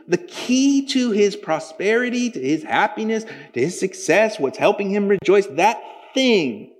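Male pastor, casual sermon delivery with lively pitch swings, echoing hall sound. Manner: conversational preaching with big pitch swings, acts out quoted voices. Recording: long hall reverb.

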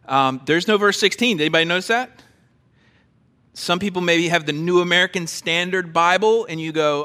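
Man, pastor in a sermon, emphatic and questioning, voice sits a bit high. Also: a little fast, sharp tone, long reverb tail. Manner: emphatic, asks the congregation questions. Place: church before a congregation.

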